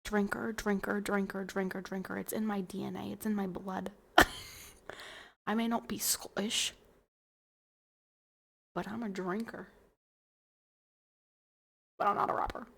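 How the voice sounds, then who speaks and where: A young woman streamer, tipsy from wine, rambles playfully to her viewers. Her voice is gravelly and husky, and she talks slowly, often sinking into soft mumbles. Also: medium pitch, flat delivery. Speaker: livestream host. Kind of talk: casual chat to stream viewers.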